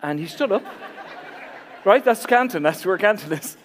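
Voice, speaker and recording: An Irish man in his forties, a pastor telling his own story in a sermon with animated, self-deprecating humor. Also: high voice, normal speed, in a large hall, some chatter behind, slight background noise. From Ireland.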